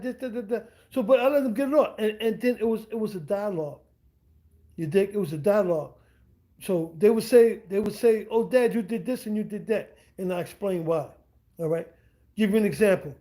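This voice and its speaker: A man's voice: high voice, warm tone. A middle-aged man talking casually on a livestream from home, rambling and repeating himself with slangy asides to his viewers. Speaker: streamer and language teacher. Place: at home indoors.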